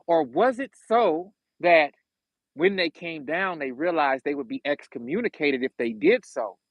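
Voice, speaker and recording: A man's voice: a little high, animated, no echo, low-quality recording. A man reading scripture aloud and breaking off into casual commentary, speaking straight to his listeners. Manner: drawn-out reading, addresses listeners directly. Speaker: scripture teacher.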